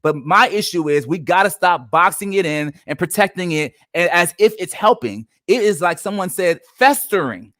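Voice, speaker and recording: A man co-hosts a faith-based podcast with a high, lively voice that leaps around as he drives his points home. His delivery is emphatic and close to preaching. The sound is dry and close. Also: moderate pace, hardly any pauses, no room sound. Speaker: podcast co-host. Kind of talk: faith-based casual discussion.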